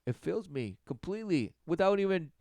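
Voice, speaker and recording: A man delivering a mocking sermon rant, often mimicking others in high, sarcastic voices. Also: sing-song, brisk, gravelly, a little mellow, dry recording. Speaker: preacher.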